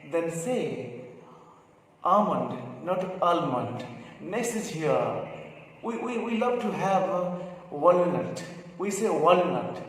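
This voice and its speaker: Male teacher, high voice, slow deliberate delivery, far-off mic in an echoey room with light hiss. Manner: repeats each word slowly, drawing out sounds. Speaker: English teacher. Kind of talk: pronunciation lesson.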